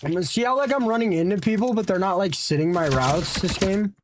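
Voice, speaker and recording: A man's voice: high-pitched, brisk, a little hiss or hum. A man streaming a game, chatting offhand with his viewers and teammates and teasing them casually. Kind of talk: casual gaming stream chat.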